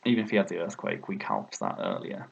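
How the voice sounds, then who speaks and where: A man's voice: sits low, big pitch swings, fast, vocal fry, slightly rough. A young British man commentating his own competitive game match, thinking aloud and often exclaiming at his own mistakes. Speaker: gaming video creator.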